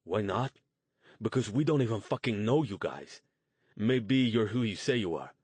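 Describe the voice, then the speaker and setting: A man voicing a gruff, hard-bitten male street outcast who talks blunt and crude in slang. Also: on the low side, sing-song, normal speed, a little mellow, no echo. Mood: defiant.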